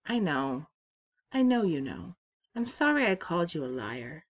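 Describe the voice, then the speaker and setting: A woman reading aloud, voicing an earnest young boy who asks soft questions. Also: sits low, big pitch swings, a little slow, lo-fi sound, full character voice. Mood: tearful.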